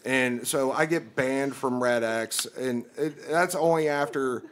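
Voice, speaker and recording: Profane, animated male comedian telling a story. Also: medium pitch, slow, a little hiss or hum. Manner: profane, animated storyteller who acts out quotes loudly. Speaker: podcast comedian. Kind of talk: casual storytelling among friends.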